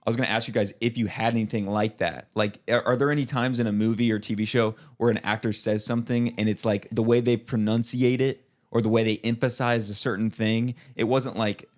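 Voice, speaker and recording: A man's voice: lowish voice, level tone, fairly quick, hardly any pauses. A young man co-hosting a podcast, chatting casually and rambling with lots of filler words. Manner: rambling, many filler likes and restarts, laughs often. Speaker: podcast co-host. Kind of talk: casual chat.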